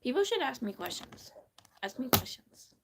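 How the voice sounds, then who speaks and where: A young woman with a Southern US accent and a naturally high voice, rambling and swearing freely in casual livestream chat. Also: sing-song, normal speed, gravelly, very noisy.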